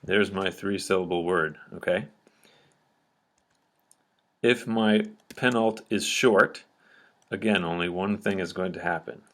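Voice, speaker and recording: Male teacher, lowish voice, patient step-by-step lecture, light typing behind. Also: a little slow, long pauses, fairly bright tone. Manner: patient, step-by-step explaining with frequent "okay?" checks. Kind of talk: recorded grammar lecture.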